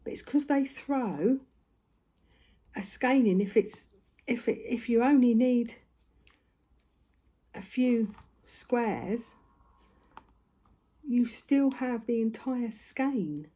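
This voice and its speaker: A woman's voice: on the high side, lively intonation, very slow, pauses often, warm tone, husky. An older woman, chatting casually on her craft vlog, a little out of breath, rambling with lots of tag questions. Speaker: craft vlogger. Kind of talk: casual chat to camera. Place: home room.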